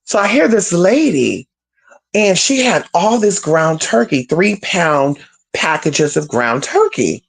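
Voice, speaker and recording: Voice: medium pitch, slow pace, gravelly, slightly rough. Spiritual vlogger rambling a story, bouncy up-and-down voice, cussing a lot, slangy y'all talk. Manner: animated, profane, slangy, addresses viewers as "y'all". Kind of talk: casual storytelling to viewers.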